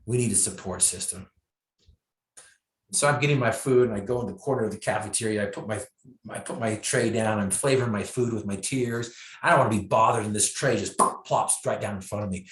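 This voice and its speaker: A man's voice: fairly low pitch, brisk, a bit bright. Emphatic male motivational speaker, echoey. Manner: emphatic, repeats key phrases for effect. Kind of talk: inspirational storytelling. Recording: echoey room.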